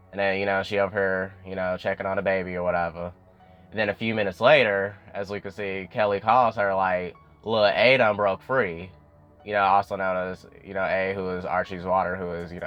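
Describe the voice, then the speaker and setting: A young man with a fairly low voice chats through an episode recap for his channel. He is loose and conversational, leans on fillers and slips into quick impressions of the dialogue. Soft music plays faintly behind him. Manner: chatty, full of "you know" fillers, acts out quotes. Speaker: YouTube show recapper.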